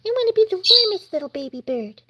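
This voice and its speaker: Pushy lil baby bird guy, woman doing the voice, super high and quick, whiny begging. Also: very animated, background noise. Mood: pleading. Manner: high squeaky pleading. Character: pushy little male baby bird wanting warmth. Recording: loud chirping chicks behind.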